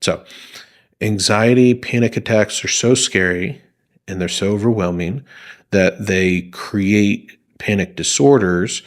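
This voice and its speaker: Man, therapist, very low voice, calm explainer, slows and softens to show soothing speech. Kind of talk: explaining psychology to camera.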